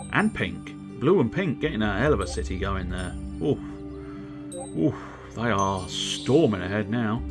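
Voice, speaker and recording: Guy streaming a board game from home, lowish voice, jokey and sweary, bit of music quietly behind. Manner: chatty, self-mocking, swears freely. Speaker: livestreamer playing board games. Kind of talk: casual live game commentary.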